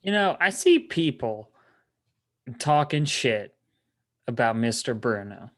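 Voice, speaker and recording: Podcast host, male, slow unhurried pace, lively pitch, laughs a lot. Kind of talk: casual interview.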